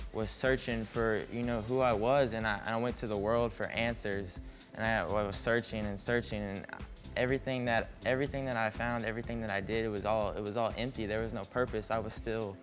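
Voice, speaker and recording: A man giving a personal church testimony, earnest and passionate, often repeating words as he searches for them. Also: fairly low pitch.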